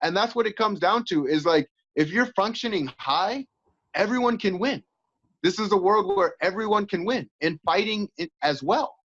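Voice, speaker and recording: A man, a coach and former fighter, chatting as an interview guest in an animated way, acting out inner voices. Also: high voice, moderate pace. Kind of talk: casual interview chat. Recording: dull lo-fi audio.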